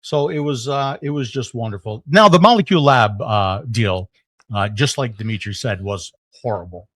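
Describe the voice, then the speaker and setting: A middle-aged man, a podcast guest, telling a story in casual conversation, animated, with lots of fillers and restarts. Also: mid-range voice, normal speed, dry recording.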